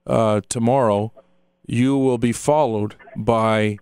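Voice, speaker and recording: A man's voice: medium pitch, fairly even intonation, takes it slowly, a little mellow, clean tone, no echo. Male radio host, rambling questions, resonant voice, dry close studio sound. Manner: meandering, hesitant questions with many fillers. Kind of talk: radio interview. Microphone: studio microphone.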